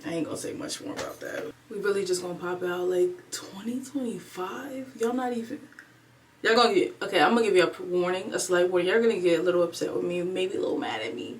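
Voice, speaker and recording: A woman in her twenties, chatting alone at home in a casual storytime vlog, animated and replaying her own thoughts aloud. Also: lowish voice, fast talker, recorded from a distance, slight background noise. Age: 20s. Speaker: vlogger. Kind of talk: casual storytime chat to camera.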